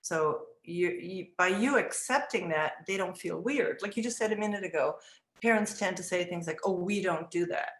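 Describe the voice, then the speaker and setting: A woman's voice: lowish voice, moderate pace. Middle-aged woman explaining, roomy sound. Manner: thoughtful, reflective, with frequent restarts; acts out gentle words to children. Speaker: early childhood education director. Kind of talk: interview answers. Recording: roomy echo.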